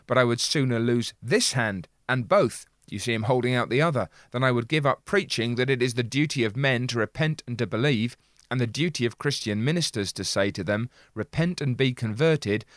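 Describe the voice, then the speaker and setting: A man's voice: mid-range voice, no echo. Earnest man discussing a sermon, dry sound. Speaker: preacher commenting on a sermon. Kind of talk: reflective sermon commentary.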